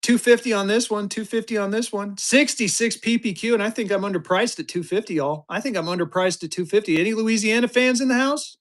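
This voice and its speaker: A man in his fifties running a live-stream auction, talking fast and joking through his patter. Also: high voice. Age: 50s. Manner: energetic, joking, drawling "y'all" asides.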